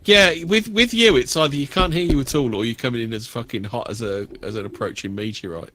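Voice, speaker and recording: A man co-hosting casual livestream banter, crude, teasing and quick to laugh. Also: mid-range voice, bright, forceful tone, a little hiss or hum. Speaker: co-host.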